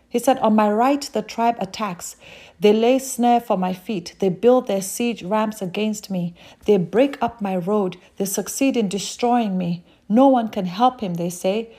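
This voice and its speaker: Earnest woman preaching, mellow husky voice. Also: medium pitch. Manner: earnest, addresses listeners directly. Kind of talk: sermon reading scripture.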